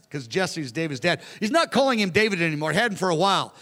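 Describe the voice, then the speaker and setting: A man preaching a verse-by-verse Bible teaching in an animated, conversational way, acting out the characters as he goes. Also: high voice, fast talker, hardly any pauses. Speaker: pastor. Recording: long hall reverb.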